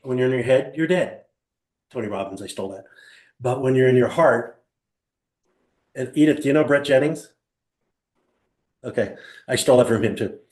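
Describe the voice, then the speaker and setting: An older man's medium-pitched voice moves at a moderate pace with long pauses, the roomy sound of a small room around him. Leading a live motivational seminar, he tells animated stories, questions the audience, asks rhetorical questions, and acts out others.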